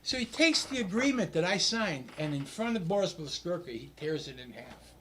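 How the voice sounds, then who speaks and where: A man's voice: fairly high pitch, very animated, normal speed, bright, forceful tone, a little hiss or hum. An older man co-hosting a talk show, telling a long personal story in casual chat, acting out the people he quotes, with frequent restarts and the odd swear word.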